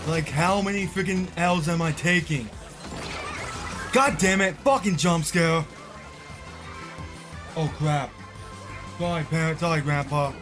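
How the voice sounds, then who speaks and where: Brief: high-voiced male gamer, slow rambling, swears when raging. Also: steady tone, over music. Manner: raging, cursing, rambling with many fillers. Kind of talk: live gameplay commentary.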